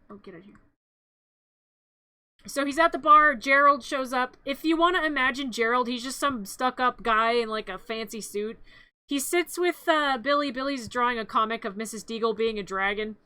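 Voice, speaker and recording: A streamer, heard as a woman, recapping a movie in a rambling, playful way with quick jokey asides. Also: on the high side, animated, sharp tone, clear, resonant tone, dry recording. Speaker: vtuber streamer. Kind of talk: comedic movie recap with silly voices.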